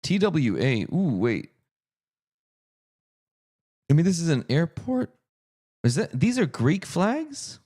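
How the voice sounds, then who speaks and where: A man's voice: on the high side, sing-song, slow, pauses often, dark tone. A man chatting casually on a live stream, thinking aloud and answering viewers' chat as he goes. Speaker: streamer and game master.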